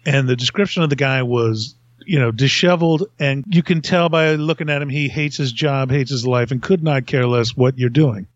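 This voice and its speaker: This podcast host, a middle-aged man with a mid-range voice, tells a casual, meandering story at his own expense, chuckling at himself. He talks at normal speed with hardly any pauses, and the audio is dull with no echo.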